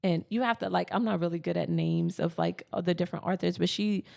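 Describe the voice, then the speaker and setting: A woman in her thirties co-hosting a casual spiritual podcast, telling personal stories earnestly in quick bursts. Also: lowish voice, steady tone, gravelly, a little mellow. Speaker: podcast co-host.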